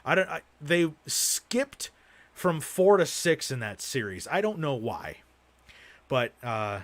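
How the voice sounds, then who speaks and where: A man's voice: fairly high pitch, sing-song, takes it slowly. A young man chatting casually on a livestream about his movie collection, rambling and swearing freely as he goes. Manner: profane, rambling, rants with heavy swearing. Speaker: streamer showing his film collection.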